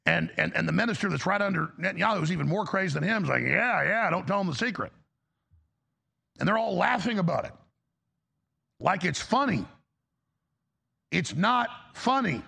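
Gravelly, raspy political commentator. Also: male voice, high-pitched, animated, fairly quick, long pauses, pushed and bright. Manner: emphatic, heated, frequent restarts. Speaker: political talk show host.

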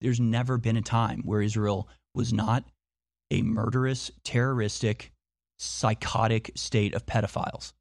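A man's voice: lowish voice, little pitch movement, measured pace, creaky, dry recording, clean studio sound. A man talking in a monologue, insistent, firing off repeated rhetorical questions and often restarting his sentences. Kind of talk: monologue commentary.

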